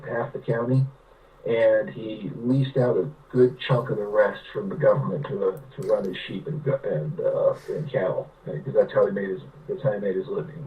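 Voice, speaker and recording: A man's voice: fairly low pitch, a little mellow, recorded from a distance, low-quality recording. A man from California, a writer telling rambling anecdotes with many restarts in a casual interview. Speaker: guest, writer.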